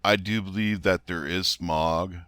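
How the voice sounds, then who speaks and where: A man's voice: low-pitched, steady tone, measured pace, a bit bright, clear, resonant tone, no echo. A man giving angry, mocking reaction commentary, exasperated and swearing as he rebuts a video.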